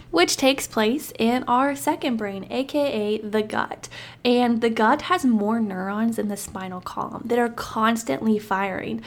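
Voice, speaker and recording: Upbeat young woman with a bright-pitched voice. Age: 20s. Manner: upbeat, emphatic and encouraging. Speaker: podcast host. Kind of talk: motivational podcast monologue.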